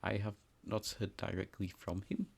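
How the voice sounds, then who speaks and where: A man playing a weary adventurer in a vague put-on foreign accent, answering in halting, broken phrases. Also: fairly low pitch, level tone, vocal fry, slightly rough.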